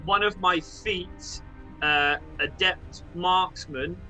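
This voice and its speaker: Male player in an online tabletop game, bright and a little high, keeps apologizing and checking the rules. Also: drawn-out words, faint music behind, poor audio. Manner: apologetic, unsure about the rules. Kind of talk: casual tabletop game play.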